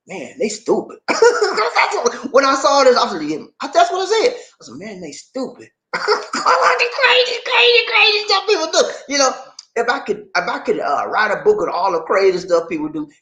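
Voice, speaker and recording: A middle-aged man vlogging at home in casual commentary, animated, rambling and emphatic. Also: very high-pitched. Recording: roomy echo.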